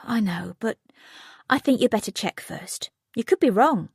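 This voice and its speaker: A woman's voice: fairly high pitch, lively intonation, moderate pace, vocal fry, slightly rough, no echo, studio quality, voice pushed up, exaggerated voice. A woman voicing a controlling, persuasive teenage girl in an audiobook, speaking insistently.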